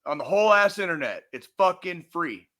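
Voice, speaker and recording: Guy ranting on a podcast, swears a ton, bright forceful voice, kinda high. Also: animated, brisk. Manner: angry, profane, emphatic. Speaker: podcast co-host. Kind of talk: heated podcast rant.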